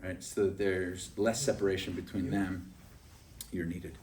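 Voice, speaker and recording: A man's voice: sits low, flat delivery, measured pace, a little mellow, recorded from a distance. A man giving a motivational sales training talk, chatty and often asking "right?" to check in with his listeners.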